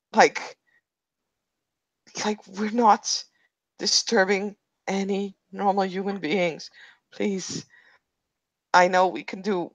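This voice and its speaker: A woman's voice: mid-range voice, dry recording, natural voice. A woman playing a frightened young woman held captive, pleading and stammering in a tabletop game. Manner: pleading, stammering, repeating herself.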